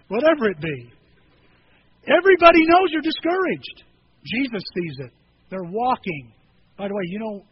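A man preaching a sermon in a casual, animated way, acting out scripture scenes in quoted voices. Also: high voice. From rural farm upbringing. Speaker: pastor. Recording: slightly dull recording with faint noise.

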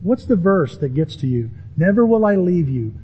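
A pastor preaching a sermon to his congregation in an animated, emphatic way, lifting his voice on key words. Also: sits high, normal speed, husky. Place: church sanctuary with a congregation. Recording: dull, lo-fi sermon audio.

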